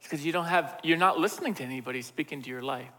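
A man's voice: on the high side, rapid-fire, fairly bright tone. A middle-aged man, a pastor, preaching a sermon in a casual, joking way and acting out the voices he quotes. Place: large church hall. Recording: long hall reverb.

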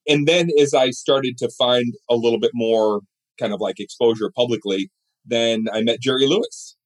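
A man's voice: medium pitch, moderate pace. A middle-aged man in an interview, telling stories with energy and acting out the voices of the people in them. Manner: animated storyteller who acts out other people's voices. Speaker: guest. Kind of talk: storytelling interview chat.

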